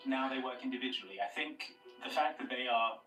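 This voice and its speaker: A man playing a frontier bounty broker who talks fast and hesitantly, filling his speech with ums. The show audio sounds far off and echoey, with music running loudly underneath. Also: mid-range voice, close to an everyday voice. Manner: quick, hesitant, full of ums. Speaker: quest giver in a played show. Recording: show sound played from a distance in a roomy space, music under it.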